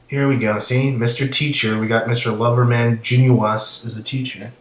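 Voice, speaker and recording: A man's voice: mid-range voice, flat delivery, moderate pace, few pauses, reverberant, low-quality recording. A man giving casual commentary as he reads through chat logs, blunt and swearing, often trailing off mid-thought.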